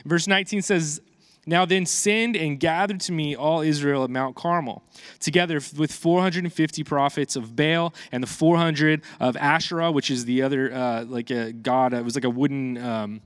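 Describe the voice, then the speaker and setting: A man's voice: a little high, steady tone, normal speed, clean tone, no echo. Chatty man preaching with a dry sound. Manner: conversational, chatty asides to the congregation, frequent restarts and fillers. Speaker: pastor. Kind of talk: casual sermon with scripture reading.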